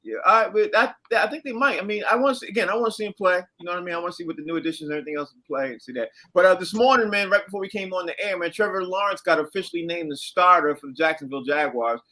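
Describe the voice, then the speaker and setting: Man, sports show host, high bright voice, chatty and quick to laugh. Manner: chatty, laughs easily, tosses questions to co-hosts. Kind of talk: casual sports talk.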